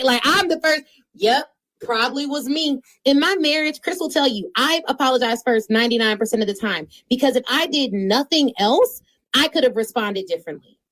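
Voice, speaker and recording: A woman's voice: sits high, a bit bright. Emphatic woman hosting a motivational podcast. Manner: emphatic, preachy, playful, slips into informal slang. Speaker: podcast host and speaking coach. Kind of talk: motivational solo podcast talk.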